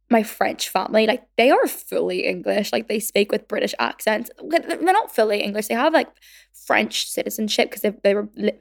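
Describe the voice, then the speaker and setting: A woman's voice: a little high, vocal fry. A woman in her twenties with a Belfast accent, hosting a podcast in a chatty way, packing her talk with "like" and acting out the quotes in her stories. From Northern Ireland. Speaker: podcast host. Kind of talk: casual chat.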